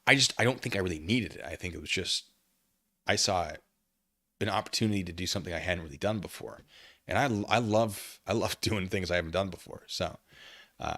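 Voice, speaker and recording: Animated rambling male streamer. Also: lowish voice, dry recording, clean studio sound. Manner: rambling, animated, self-mocking. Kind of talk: casual livestream chat.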